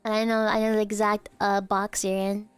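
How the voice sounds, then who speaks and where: A young woman streaming live, who teases her chat in a giggly, playful way while pretending to be a barista and sometimes breaks into squeaky outbursts. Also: level tone, moderate pace, clean tone, faint music behind.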